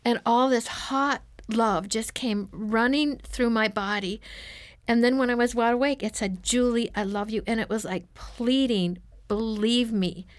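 A woman's voice: on the high side, unhurried, no echo. A woman guest on an interview, telling her life story in an earnest, emotional way. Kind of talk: personal testimony in an interview.

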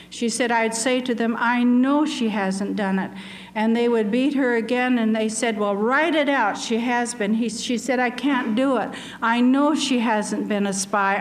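Older woman, missionary testimony sermon, earnest storyteller, long reverb. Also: on the high side. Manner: earnest storytelling, slows for emphasis. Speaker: missionary speaker. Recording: long echo of a large hall.

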